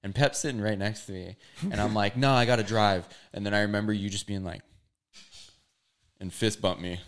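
Man, from Hawaii, low voice, laid-back, casual storytelling, swears. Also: steady tone, fairly quick. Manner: laid-back, heavy use of "like", swears freely. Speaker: podcast guest.

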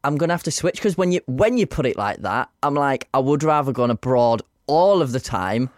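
Playful Northern English man, very lively. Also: mid-range voice, fairly quick, dry recording, clean studio sound. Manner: playful, teasing, laughs a lot. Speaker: podcast co-host. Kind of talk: casual chat.

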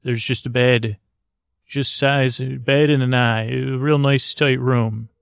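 A man improvising a bedtime story, rambling and halting with many restarts. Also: mid-range voice, steady tone, vocal fry, clear, resonant tone, no room sound.

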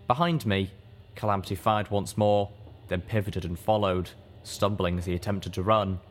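Male audiobook narrator: deep, steady and measured, with faint guitar behind. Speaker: audiobook reader.

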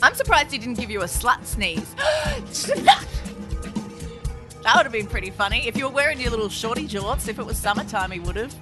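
A woman with a high, very animated voice co-hosts a podcast. She teases and jokes sarcastically, laughing often, over music in the background. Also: quick pace, hardly any pauses. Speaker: podcast co-host. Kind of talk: casual banter.

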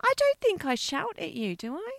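A woman co-hosting a podcast, animated and playful in casual chat. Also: very high-pitched, fairly quick, vocal fry, no room sound, studio quality. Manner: animated, playful, swears and laughs easily. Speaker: podcast co-host.

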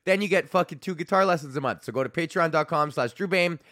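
A man's voice: a little high, fast, pushed and bright, no echo, studio quality. A man hosting his own podcast in a rambling, jokey monologue full of swearing. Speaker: podcast host and comedian.

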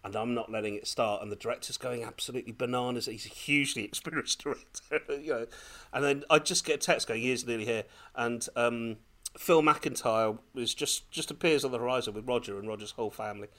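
A man on a podcast telling a lively personal story in casual chat, laughing often as he goes. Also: mid-range voice, fast talker. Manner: animated, laughing, breathless when excited. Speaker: podcast co-host.

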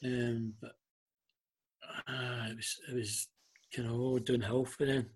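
A Scottish man guest in an interview, telling personal stories haltingly, with frequent ums and restarts. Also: medium pitch, little pitch movement, slightly rough. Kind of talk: emotional storytelling interview.

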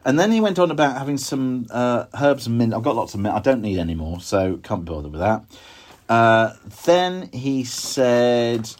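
A man's voice: on the low side, darkish tone. A man hosting a podcast, giving a casual walk-through of his garden outdoors with wry, self-deprecating asides and a slightly breathless edge. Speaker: podcast host.

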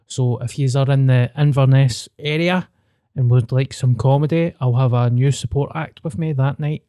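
A Scottish comedian chats on a podcast in a relaxed, joking way with a dry sense of humour. His voice sits close and dry on the mic, with no room sound. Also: mid-range voice, moderate pace, clear, resonant tone, no echo. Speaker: comedian guest. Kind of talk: casual podcast chat.

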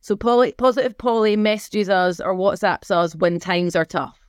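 Brief: lively storytelling woman host, dry close mic. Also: medium pitch, normal speed, smooth, no echo. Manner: animated storyteller, teasing. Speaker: podcast co-host. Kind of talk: casual chat.

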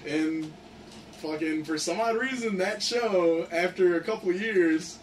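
A young man excitedly tells his friends a story, loose and profane, saying "like" constantly. His voice is a little high for a man and a little slow, and the mic picks him up from a distance with faint background hiss.

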